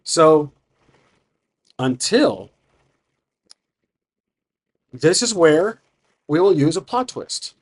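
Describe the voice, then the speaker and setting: A man's voice: fairly high pitch, very animated, very slow, long pauses. A man narrating his solo tabletop game, thinking aloud with frequent restarts. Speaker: solo game master and player.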